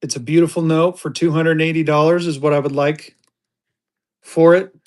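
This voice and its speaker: A man with a slightly higher voice runs a casual live auction from home. He talks in a loose, chatty way, full of fillers and thanks to his buyers. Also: steady tone, moderate pace. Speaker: livestream seller.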